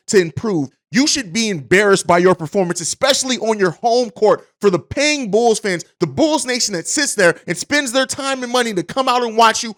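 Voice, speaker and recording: A man's voice: high voice, a bit bright. A man hosting a podcast, giving emphatic commentary and often repeating words as he restarts. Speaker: podcast host.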